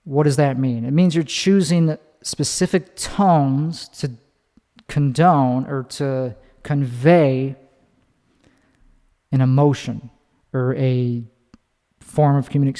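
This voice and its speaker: A man's voice: mid-range voice, takes it slowly, pauses often, dark tone, big-room sound. A man talking casually in a rambling monologue, swearing and often restarting his sentences. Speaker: podcast host.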